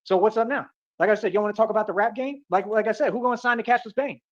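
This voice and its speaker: A man from delivers a rapid, swaggering rant. He keeps circling back to the same boasts and pet phrases. The audio is muffled and lo-fi. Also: high voice. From Atlanta, United States. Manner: boastful, repetitive, keeps saying "real talk".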